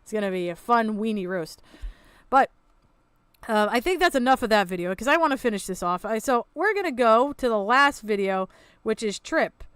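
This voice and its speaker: A woman's voice: a little high, lively intonation, normal speed, a bit bright, clear, resonant tone, no echo. A woman hosting a reaction commentary, ranting in a sarcastic, exasperated way and swearing freely. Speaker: commentary channel host.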